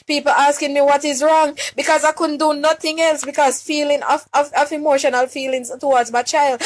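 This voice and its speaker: In a high voice, a young Jamaican woman makes a tearful plea on a live stream, distraught and asking for help. She questions her listeners and keeps repeating and restarting what she says.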